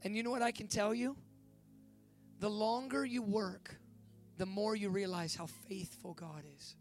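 A man in his forties giving a youth sermon, preaching with rising excitement and leading a fervent prayer. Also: sits high, unhurried, soft background music. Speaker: youth pastor. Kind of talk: sermon with altar call.

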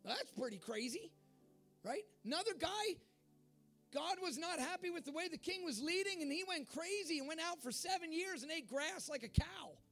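Very high-voiced fervent male preacher. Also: animated, normal speed, soft background music. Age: adult. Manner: fervent, rising to shouts. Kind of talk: sermon.

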